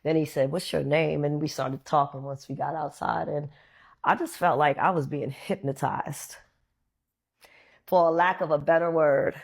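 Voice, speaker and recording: A woman with a low-pitched voice recounts a memory in a relaxed, chatty way. She animates the story by putting on other voices for the people she quotes. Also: moderate pace. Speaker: interview guest. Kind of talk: casual storytelling.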